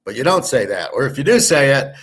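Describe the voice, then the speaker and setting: A man's voice: mid-range voice, very animated, a little fast, a bit bright. Guy ranting to his viewers, mad and swearing a lot, very blunt. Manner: angry, profane, blunt. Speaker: host of a sports betting and finance channel. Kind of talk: ranting monologue to camera.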